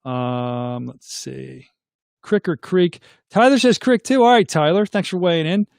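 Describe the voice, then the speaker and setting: High-voiced Philly-man chatting live. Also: expressive, a little slow, gravelly, a little mellow, no echo, clean studio sound. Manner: chatty, reads comments aloud and asks viewers to weigh in. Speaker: livestream host reading viewer comments. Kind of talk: casual live chat.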